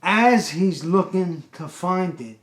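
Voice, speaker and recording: A man telling a comic story in an animated, exasperated, streetwise way. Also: high voice, slow. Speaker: pest control worker and storyteller. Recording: roomy echo.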